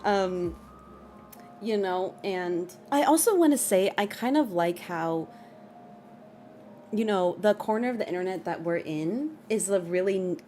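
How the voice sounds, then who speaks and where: A woman's voice: on the low side, mellow. A young woman streaming casually, reading chat comments aloud and giggling often.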